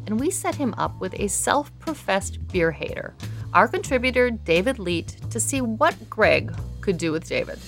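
A woman hosting a radio show, reading brisk scripted introductions. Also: medium pitch. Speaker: radio host. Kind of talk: radio presenting. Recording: music bed under the voice.

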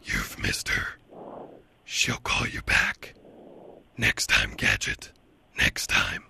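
A man doing an impression of a sinister male cartoon supervillain as a whispered role-play, in a gravelly rasping whisper. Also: takes it slowly, bright, forceful tone. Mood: menacing.

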